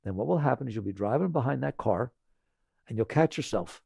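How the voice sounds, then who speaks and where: A man teaching spirituality in a relaxed, conversational talk. He repeats phrases gently and often checks in with listeners by asking "right?". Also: medium pitch, a little fast, gravelly, slightly rough, no room sound, clean studio sound. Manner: conversational, tags lines with "right?".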